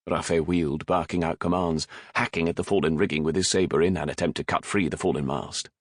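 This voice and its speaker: A man narrating a historical romance audiobook in a measured, dramatic reading. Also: low-pitched, fairly even intonation, slightly rough, dry recording, clean studio sound. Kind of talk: scripted narration.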